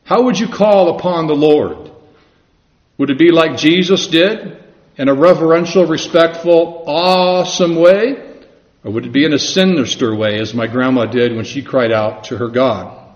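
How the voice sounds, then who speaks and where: A man preaching a sermon in an earnest, measured way, slowing down for emphatic scripture quotes. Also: on the high side. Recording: echoey room, dull lo-fi sound.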